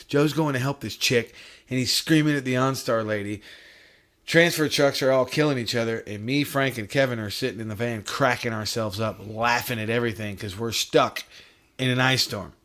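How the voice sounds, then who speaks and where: A man's voice: on the low side, a bit bright. A man who is a podcast guest and drummer, telling loose, profane stories in casual chat.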